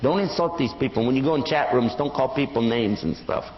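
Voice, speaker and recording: A man's voice: medium pitch, fairly quick. An older man giving an Islamic lecture, telling stories and acting out the voices of the people in them. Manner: animated storytelling, acting out quoted voices. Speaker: Islamic preacher. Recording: echoey hall, dull lo-fi sound.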